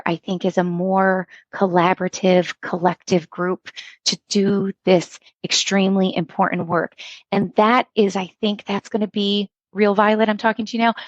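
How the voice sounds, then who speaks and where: In this podcast interview, a middle-aged instructional coach recounts stories with lively energy, performing each quoted line of dialogue. She speaks at a medium pitch, and the audio is dull with no echo.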